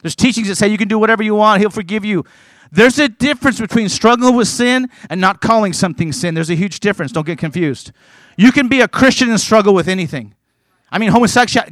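A man's voice: high-pitched, lively intonation, fast, fairly bright tone, no room sound. A man preaching a sermon who reads scripture aloud with earnest emphasis and slips into conversational asides, stumbling and repeating words.

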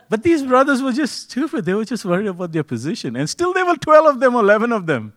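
A man preaching a conversational sermon, joking and swinging between loud, excited bursts and hushed, quiet stretches. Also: very high-pitched, fast talker, hardly any pauses, no echo.

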